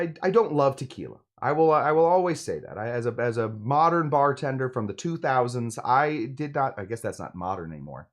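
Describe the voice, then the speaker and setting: Lively, animated bartender man. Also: medium pitch. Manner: lively and chatty, stumbles over a tricky word. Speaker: host and bartender. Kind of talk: casual livestream chat reading viewer comments.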